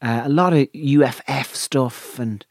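A man's voice: medium pitch, unhurried, dry recording. Guy chatting on a podcast, curses a lot, keeps restarting sentences, dry sound. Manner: swearing, restless storyteller with restarts. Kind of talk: casual chat.

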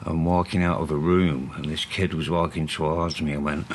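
Deep-voiced middle-aged Mancunian man, blunt and sweary, faint hiss behind. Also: little pitch movement, normal speed. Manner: blunt, sweary, laughs while telling stories. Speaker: co-host. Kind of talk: candid conversational podcast.

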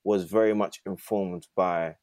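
Earnest young man, low warm voice. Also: steady tone, unhurried, no room sound, studio quality. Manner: earnest, with many fillers. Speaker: podcast guest. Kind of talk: reflective conversation.

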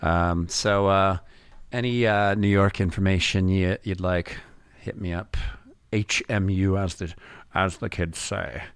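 Deep, dry-miked male jazz DJ, rambling and easygoing, chuckles a lot. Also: fairly even intonation, unhurried, clean tone, no echo. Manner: laid-back, rambling, many fillers and chuckles. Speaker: radio DJ host. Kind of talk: casual radio chat between songs.

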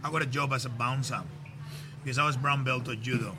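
A Spanish man, a chef, talks in English with a Scottish lilt, blunt and joking as he cuts in. His voice sits at a middle pitch. Steady background noise hangs behind him. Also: fast talker. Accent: Spanish-tinged Scottish English. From Spain. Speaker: podcast guest, chef. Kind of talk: casual chat.

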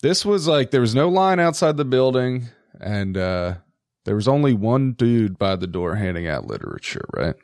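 A man's voice: mid-range voice, normal speed, gravelly, dry recording, studio quality. A man co-hosting a podcast, talking politics casually with lots of swearing and laughter. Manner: profane, animated, laughs often. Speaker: podcast co-host.

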